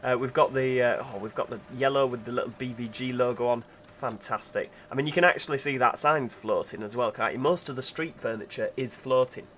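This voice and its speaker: Streamer, man, relaxed running chatter, mid pitch, light game noise behind. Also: a little fast, hardly any pauses. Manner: chatty, reads out chat messages while driving. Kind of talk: casual livestream commentary.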